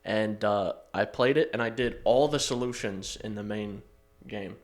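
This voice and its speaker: A man's voice: on the low side, measured pace, faint music behind. A man co-hosting a podcast, chatting in an easygoing, self-deprecating way and laughing often. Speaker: podcast co-host. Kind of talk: casual chat.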